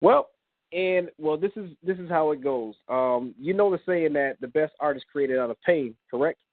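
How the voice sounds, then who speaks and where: A man's voice: on the high side, normal speed, dry recording. A man in his thirties, a comic book creator, telling personal stories as a guest on a call-in radio show. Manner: animated, recounts with quoted dialogue. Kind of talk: casual storytelling on a radio interview. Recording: tinny phone line.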